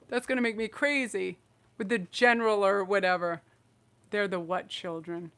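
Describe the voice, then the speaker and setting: Her voice is mid-range and a bit bright, delivered at a moderate pace. As tarot reader and channel host of a livestreamed reading, she's effusive and emotional, rambling through her messages and restarting as she goes.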